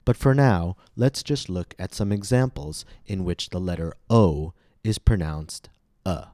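A low, mellow American male voice delivers a scripted pronunciation lesson. He enunciates each word slowly and carefully, leaving pauses for repetition. The sound is dry and close to the mic. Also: dry recording. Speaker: pronunciation teacher.

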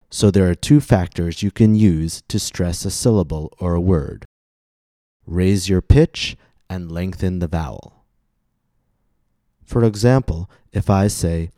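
A man with an American accent hosting a scripted pronunciation lesson, explaining slowly and humming out word melodies. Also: low-pitched, warm tone, no room sound, clean studio sound. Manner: slow, deliberate, demonstrates words with hummed melodies. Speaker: podcast host and pronunciation teacher. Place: New York City.

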